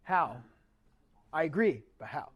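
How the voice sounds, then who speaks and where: Brief: male shop-class instructor, higher-pitched voice, loose and conversational, quizzes the room. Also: sing-song, slow, fairly bright tone, slightly rough. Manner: chatty, asks the class questions. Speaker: automotive instructor. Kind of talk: casual classroom lecture.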